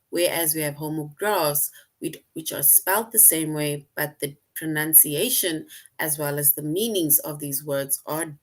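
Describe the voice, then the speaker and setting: A woman teacher explaining a lesson patiently to her class online, often checking in with "right?". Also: fairly low pitch.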